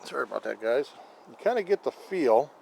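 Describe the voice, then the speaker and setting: A man filming a casual how-to vlog about his scooter, rambling and halting with lots of fillers. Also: medium pitch, sing-song, gravelly, a little mellow, slight background noise, low-quality recording. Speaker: vlogger showing a scooter horn install.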